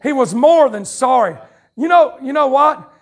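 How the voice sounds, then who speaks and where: A man with a Southern US accent preaching a revival sermon in a church, shouting his lines in a fiery way, with folksy turns of phrase, quick asides and chuckles. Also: very high voice, animated. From North Carolina, USA. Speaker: pastor. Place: church sanctuary at a campmeeting. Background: congregation calling out responses.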